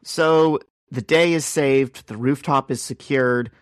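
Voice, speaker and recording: A man's voice: medium pitch, slow pace, clear, resonant tone, dry recording, clean studio sound. A man hosting a podcast, chatting casually and retelling a comic book story with lots of fillers. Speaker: podcast host.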